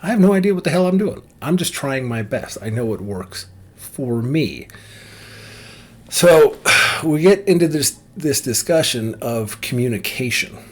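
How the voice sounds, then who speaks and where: Blunt husky man ranting. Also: mid-range voice, lively intonation, unhurried. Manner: blunt, opinionated, rambling with restarts. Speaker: vlogger. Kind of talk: casual ranting monologue.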